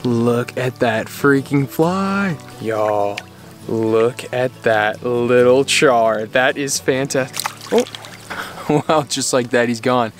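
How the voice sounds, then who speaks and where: Male angler-vlogger, excitable and exclamatory, outdoors by a creek. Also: medium pitch, slow, faint music behind. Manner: excitable, exclaiming, laughing often. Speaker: fly fishing vlogger. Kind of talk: excited outdoor vlog commentary.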